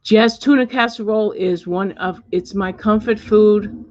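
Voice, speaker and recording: A woman's voice: medium pitch, measured pace, dry recording. Chatty middle-aged woman, dry lo-fi sound. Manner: chatty, warm, reads out viewer comments. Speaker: livestream host. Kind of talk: casual chat with viewers. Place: at home.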